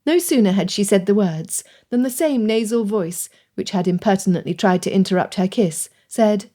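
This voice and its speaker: A woman's voice: medium pitch, normal speed, few pauses. Woman reading a period romance audiobook. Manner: expressive, dramatic reading. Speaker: audiobook narrator. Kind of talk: scripted narration.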